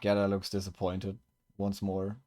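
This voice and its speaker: A man narrating a tabletop game as game master, unhurried and pausing with fillers. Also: deep voice, monotone, mellow.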